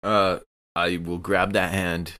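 A man's voice: low-pitched, little pitch movement, slow, bright, forceful tone. A man at a tabletop game with an easygoing, playful way of talking. He talks like he is among friends. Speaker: player. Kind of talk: casual tabletop play.

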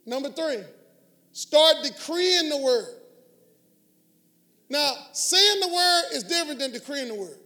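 A man's voice: extremely high pitch, animated, a little slow, long pauses, pushed and bright. A middle-aged man, preaching a sermon as pastor with emphatic call-and-response. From Houston area, US.

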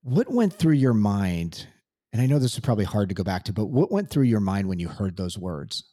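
An interview host asking curious, gently probing questions, with brief backchannel replies. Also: deep voice, very animated, brisk, slightly rough. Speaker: podcast host. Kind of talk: conversational interviewing.

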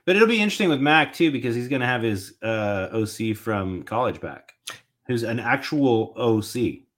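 A man hosting a podcast, rambling and thinking out loud in a casual sports chat. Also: medium pitch, animated, normal speed. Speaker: podcast host.

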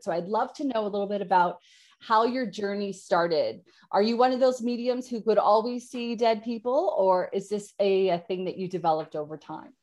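A woman with a mid-pitched voice hosts a podcast in a casual style. She is an upbeat, encouraging interviewer. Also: darkish tone. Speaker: podcast host.

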